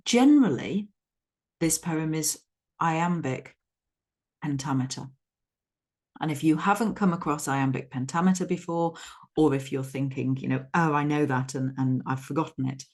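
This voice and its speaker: A woman's voice: rumbling low, a little mellow. A woman teacher explaining a poem in a loose, thinking-aloud way, sometimes chanting stress patterns to show the rhythm. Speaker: English literature teacher. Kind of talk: explanatory poetry lesson.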